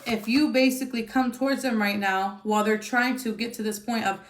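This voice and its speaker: A woman's voice: on the high side, fairly even intonation, brisk, roomy sound, a little hiss or hum. A woman giving a casual tarot reading, talking bluntly and swearing freely, with lots of fillers and tag questions. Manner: chatty and blunt, swears freely, frequent "okay?" and "um". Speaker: tarot reader.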